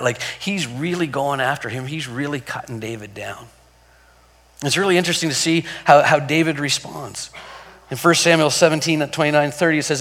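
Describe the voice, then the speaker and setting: A man's voice: a little high, a little fast, a bit bright. A man preaching a sermon in a conversational way, repeating words and asking rhetorical questions. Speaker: pastor. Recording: long hall reverb.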